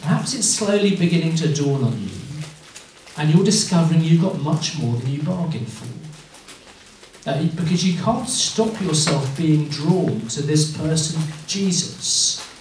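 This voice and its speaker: An English man gives an earnest evangelistic talk, pitched a little high, often turning questions back on his listeners. He sounds set back from the microphone, and the room rings with a heavy echo. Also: lively intonation, measured pace, a little mellow, slight background noise. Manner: earnest, questioning, repeats words when restarting. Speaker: student mission speaker. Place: university lunchtime event room. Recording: echoey room, mic far off.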